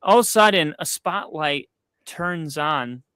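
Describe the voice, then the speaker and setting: With a slightly high, clear, resonant voice, this podcast co-host tells a long, rambling personal story in an unhurried, animated way, filled with fillers and asides. He's close-miked on a streaming setup, and the studio sound is clean with no echo.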